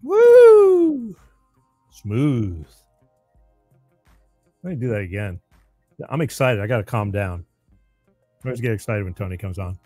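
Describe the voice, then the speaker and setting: Excitable male talk show host. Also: a little fast, pauses often, dry recording, clean studio sound, faint music behind. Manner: excitable, pitchman style with many restarts. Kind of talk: casual talk show banter and sponsor read.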